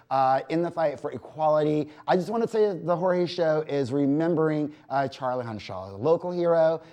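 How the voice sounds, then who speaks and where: This is a community TV variety show host, a man with a fairly high pitch, speaking from a studio. His talk is an animated, gossip-filled, easygoing monologue that leans heavily on "like" and "you know."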